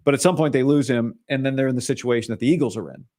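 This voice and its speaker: A man's voice: mid-range voice, rapid-fire, mellow. Opinionated male sports talk host. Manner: opinionated, hedging, frequent restarts. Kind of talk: solo sports talk commentary.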